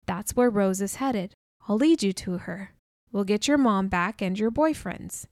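A woman reading the part of a remorseful grown man who speaks softly and gently in an audiobook. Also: mid-range voice, a little slow, dry recording, studio quality, natural voice. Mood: gentle. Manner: soft, subdued delivery.

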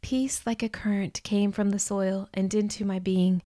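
A woman's voice: mid-range voice, fairly even intonation, moderate pace, warm tone, no room sound. A woman reading a first-person novel aloud with earnest, emotional delivery, close to the mic. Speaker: audiobook narrator.

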